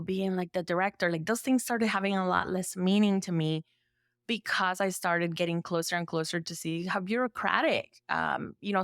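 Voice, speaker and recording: A woman therapist from El Salvador, speaking as a podcast guest in a relaxed storytelling way, full of "like" fillers and lively acted-out quotes. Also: mid-range voice, no room sound, clean studio sound. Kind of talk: conversational storytelling.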